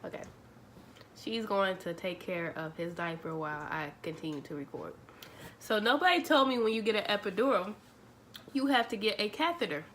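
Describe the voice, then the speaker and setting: A woman's voice: mid-range voice, normal speed, a little hiss or hum. Chatty young woman telling a story. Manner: chatty, animated retelling with quoted dialogue. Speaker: vlogger. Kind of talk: casual storytelling.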